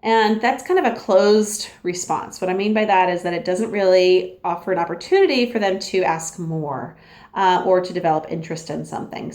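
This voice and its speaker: A woman's voice: mid-range voice, darkish tone. A woman giving a casual, upbeat training talk as a sales consultant, chatty and acting out little dialogues. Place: home.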